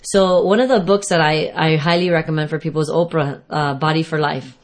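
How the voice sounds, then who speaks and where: A woman's voice: low voice, fairly even intonation, brisk. A woman fitness trainer giving casual advice on food and exercise, rambling and correcting herself as she explains.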